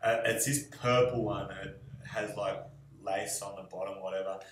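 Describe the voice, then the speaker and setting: A young man answering questions about his fiancée in a relaxed, rambling way, with many fillers. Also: on the low side, normal speed, a little hiss or hum. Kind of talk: casual video answers. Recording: echoey room.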